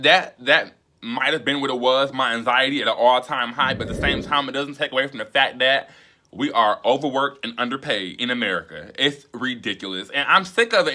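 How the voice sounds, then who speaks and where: A young man vlogging in a loose, casual monologue. His voice is strikingly bright and sharp, and he talks emphatically, with plenty of swearing. He often climbs into exasperated rants. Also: medium pitch. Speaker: YouTuber host.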